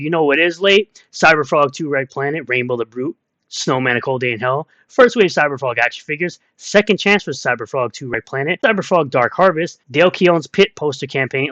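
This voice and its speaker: A man's voice: a little high, sharp tone, no room sound, highs cut off. A man giving ranting online commentary in a combative, mocking way, repeating insults as he reads out comments.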